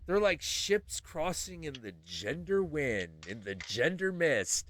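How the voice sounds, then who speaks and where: A man's voice: a little high, slow. A man hosting a show, telling a story in casual chat, swearing and acting out the people in it. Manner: animated, profane, acts out voices in his stories. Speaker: podcast host.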